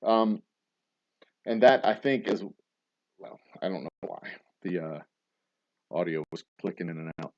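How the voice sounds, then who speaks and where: A man's voice: low voice, unhurried, pauses often, darkish tone, no echo, highs cut off. A man hosting a casual livestream chat, rambling and sarcastic, with plenty of swearing. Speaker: host.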